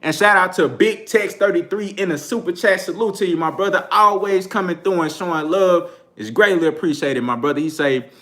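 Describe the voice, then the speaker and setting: A man in talks boxing on a live stream in a loose, slangy, laid-back way, often breaking into laughter. His voice sits a little high and rings very bright. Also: a little fast. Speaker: boxing channel host. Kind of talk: casual live-stream commentary.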